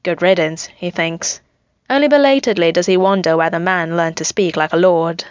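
A woman's voice: lowish voice, moderate pace, dry recording. Woman reading a story, lo-fi. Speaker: narrator. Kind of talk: scripted narration of fan fiction.

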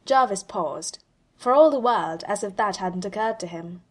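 A woman with a mid-pitched voice reads a fan story aloud. Her narration is expressive, with pauses that build suspense. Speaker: fanfiction reader.

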